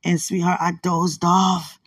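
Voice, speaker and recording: A woman leaving a soft, rambling, affectionate voice message while lying in bed at night, with her phone held close to her mouth. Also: lowish voice, flat delivery, unhurried, husky, no echo. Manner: soft, hushed, rambling and affectionate, often religious. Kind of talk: intimate late-night voice message.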